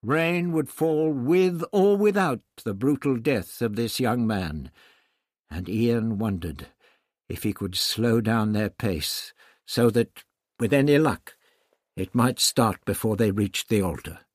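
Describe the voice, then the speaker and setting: A man reads an audiobook slowly and carefully. His pitch moves with expression. The recording is dry and close to the mic. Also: no room sound. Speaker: narrator. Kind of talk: audiobook narration.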